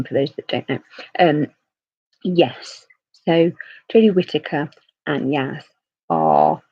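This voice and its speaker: Lady rambling through a tv review, keeps correcting herself, a bit husky, muffled lo-fi audio. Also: low voice, no room sound. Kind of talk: casual solo review.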